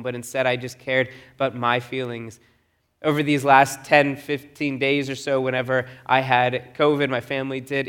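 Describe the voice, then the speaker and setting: A young adult man giving a sermon, telling a personal story in an animated, self-deprecating way. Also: mid-range voice. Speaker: pastor.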